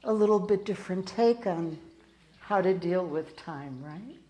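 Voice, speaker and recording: Slow-spoken older woman minister. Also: on the low side, expressive, dark tone, poor audio. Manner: slow, storytelling, acts out quoted people. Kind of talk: sermon with personal stories. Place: church sanctuary.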